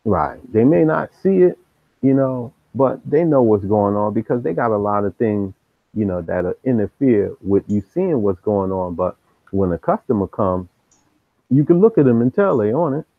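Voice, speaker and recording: A man's voice: on the low side, moderate pace. A man hosting a live stream who tells street stories in loose slang, jumping into the voices of the people in them. The sound is thin and phone-like. It is dry, with no room echo. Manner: streetwise slang, animated acting out of quotes. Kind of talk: casual storytelling.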